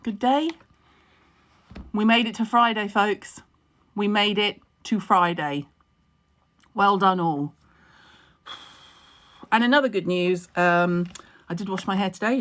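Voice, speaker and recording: A woman chats loosely into her phone at home during a livestream. She reads out viewers' comments and answers each one, with plenty of "um" fillers along the way. Her pitch sits in the middle for a woman. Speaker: skincare expert answering viewer questions. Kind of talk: casual livestream chat.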